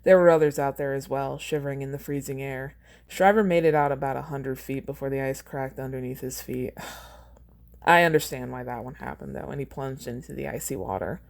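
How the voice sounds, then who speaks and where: Low-voiced woman reading her story. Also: moderate pace, creaky, darkish tone. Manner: chatty, laughs at her own writing. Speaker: host rereading her own fan fiction. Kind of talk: reading aloud with casual commentary.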